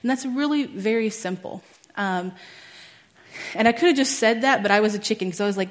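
A woman's voice: mid-range voice, brisk. Chatty young woman. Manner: chatty, many "like"s, laughs at herself. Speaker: speaker at a church teaching. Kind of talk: personal testimony talk.

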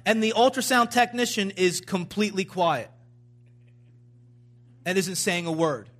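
Preacher guy in his 30s, high bright voice, rambly and animated storytelling. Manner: animated, rambling with restarts, rising to loud emphasis. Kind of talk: sermon storytelling.

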